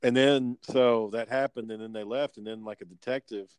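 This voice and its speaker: Dude telling a story, laid-back and rambly, dry close sound. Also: male voice, mid-range voice, fairly even intonation, normal speed, a little mellow, smooth, no echo. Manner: laid-back, rambling, swears, lots of fillers. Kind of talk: casual storytelling chat.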